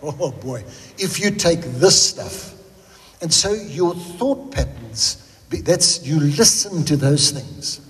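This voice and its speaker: A man's voice: a little high, very animated, slow, big-room sound. A South African man preaching a sermon in a chatty, joking manner, drifting into tangents. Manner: humorous, conversational, goes off on tangents. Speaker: pastor.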